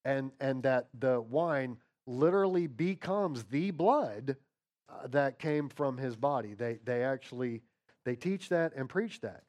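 A man preaching a sermon in a casual, conversational way, correcting himself mid-sentence, dropping to a hush when reading scripture and building to a rising chant. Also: medium pitch, expressive, measured pace. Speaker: pastor.

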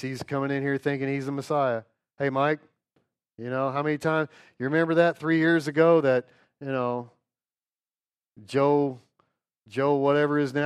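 A man's voice: mid-range voice, smooth, no echo, lightly acted. Scoffing male temple priest, chatty and dismissive, put on by a Bible teacher. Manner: sneering, chatty, mocking.

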